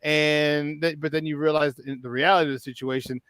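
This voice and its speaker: A man hosting a morning sports talk show, telling stories in an animated, excitable way. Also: a little high, a little fast, dry recording. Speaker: host. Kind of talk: casual sports radio talk.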